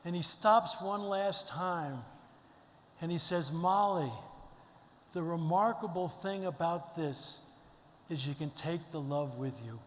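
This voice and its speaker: A man's voice: fairly high pitch, unhurried, fairly bright tone. An older man giving an inspirational luncheon speech as keynote speaker, folksy and heartfelt as he tells stories. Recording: long reverb in a large hall.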